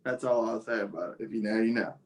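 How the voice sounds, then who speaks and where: A man's voice: on the low side, fast talker, far from the mic, a little hiss or hum. A man chatting casually on a podcast, laughing and joking along. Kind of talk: casual chat.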